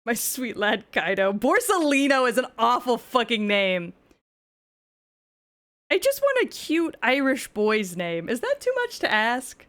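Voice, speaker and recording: A woman's voice: a little high, big pitch swings, measured pace, a bit bright. A woman streaming gameplay, chatting casually with frequent swearing and joking asides.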